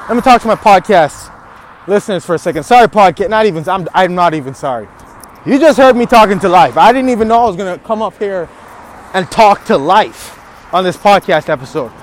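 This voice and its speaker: A man's voice: high voice, a little hiss or hum. A man hosting a podcast, delivering a riled-up, trash-talking motivational rant with bursts of laughter. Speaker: podcast host.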